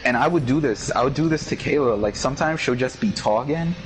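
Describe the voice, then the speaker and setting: A man's voice: mid-range voice, a little fast, slight background noise, poor audio. A man in casual chat, laid-back and slangy, retelling conversations line by line. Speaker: podcast co-host.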